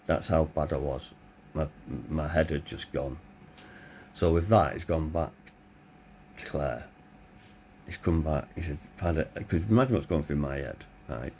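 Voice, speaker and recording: A middle-aged man telling his own story in a blunt, candid way, swearing freely, his voice tired and hoarse. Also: very deep voice, measured pace, dark tone, slight background noise. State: hoarse, voice tiring. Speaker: vlogger. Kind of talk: personal storytelling.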